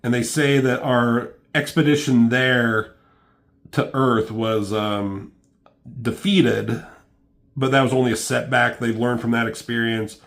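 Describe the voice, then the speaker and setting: A man casually reviewing a comic book, rambling with lots of ums and swearing freely. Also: mid-range voice.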